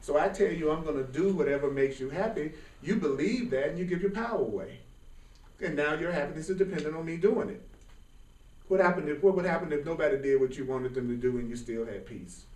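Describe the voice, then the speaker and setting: A man giving an informal spiritual class, talking in a lively, colloquial way and often laughing. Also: a little high, a little fast. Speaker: spiritual teacher. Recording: roomy sound from a distant mic.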